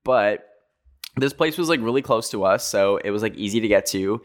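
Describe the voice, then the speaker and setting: Animated young man telling a story. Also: fairly low pitch, normal speed. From North America. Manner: animated, lots of "like", jokey asides. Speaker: podcast host. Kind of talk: storytelling podcast monologue.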